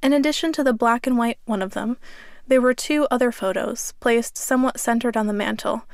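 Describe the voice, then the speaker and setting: Woman, audiobook narration, steady measured reading, slightly high pitch, dry close studio mic. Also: no room sound. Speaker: author reading her memoir. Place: recording studio. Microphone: studio microphone.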